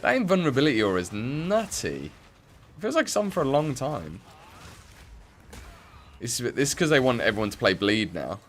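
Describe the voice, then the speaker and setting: A man's voice: mid-range voice, sing-song, normal speed, long pauses, a little hiss or hum. A young English man from the Midlands chatting casually and rambling with many fillers while he plays a game on stream. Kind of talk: casual chat while playing.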